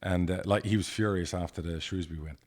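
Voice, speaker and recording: Speaking quickly in a low voice, the man, a football club chairman, co-hosts a laid-back podcast. His storytelling is lively, blunt, and full of swearing.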